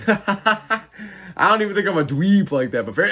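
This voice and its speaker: 20s dude hosting a fight stream, super animated voice, swears a lot, reads chat. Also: male voice, high voice, measured pace, long pauses. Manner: excitable, profane, reads chat aloud. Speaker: live stream host. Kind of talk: casual fight watch-along commentary.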